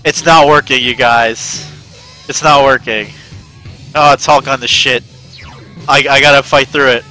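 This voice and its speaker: Foul-mouthed ranting male streamer, bright voice. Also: mid-range voice, steady tone, measured pace, faint music behind. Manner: profane ranting, swearing often. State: panicked. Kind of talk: casual game stream commentary.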